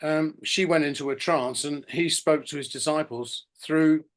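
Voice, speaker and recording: Rambling man, slightly high voice. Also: steady tone, measured pace. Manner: rambling storyteller, many restarts and acted-out quotes. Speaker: podcast guest. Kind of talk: casual interview chat.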